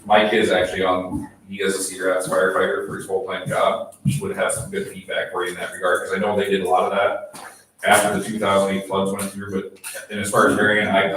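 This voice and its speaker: A man's voice: low voice, a bit bright, slight background noise. A man explaining matters plainly at a town council meeting, often hedging on what he cannot answer. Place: small town council chamber. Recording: echoey room from far off.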